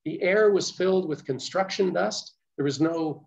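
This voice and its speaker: An older man from Canada recounts his story to an audience, pacing it carefully and filling it with detail. His voice sits a touch higher than most men's. The recording is dull and lo-fi. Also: gravelly. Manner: measured, detailed storytelling with frequent restarts. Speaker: speaker telling a survivor's account. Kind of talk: first-person recounting to an audience.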